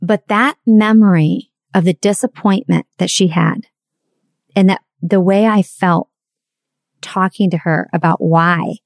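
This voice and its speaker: A woman's voice: on the low side, measured pace, vocal fry, no room sound, studio quality. A woman in her forties sharing a candid, confessional personal story and reflecting on parenting.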